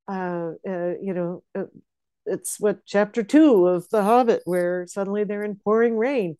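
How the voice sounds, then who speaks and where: A woman's voice: medium pitch, unhurried, mellow, smooth, no room sound, studio quality. A woman co-hosting a casual chat over a video call, enthusiastic and laughing often, sleepy and yawning. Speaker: podcast co-host.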